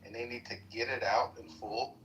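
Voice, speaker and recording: A man's voice: mid-range voice, steady tone, normal speed, a bit bright, a little hiss or hum. A man in a live-stream debate, persistently arguing that others should be allowed a full dialogue. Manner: persistent, reasoning, pressing for dialogue. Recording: distant, dull lo-fi sound.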